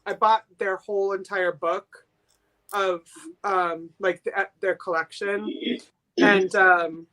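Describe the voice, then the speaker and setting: A woman's voice: mid-range voice, fairly even intonation, fairly bright tone. Guest seller: a bubbly, talkative woman from Boston, mid-range voice, casual live-stream chat. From Boston, USA. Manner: chatty and enthusiastic, quick giggles.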